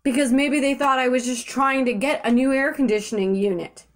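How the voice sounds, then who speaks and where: A woman's voice: sits high, steady tone, a little fast. A young woman ranting to camera in her apartment, profane, blunt and exasperated, filming on a handheld phone. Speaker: vlogger. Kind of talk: angry rant to camera.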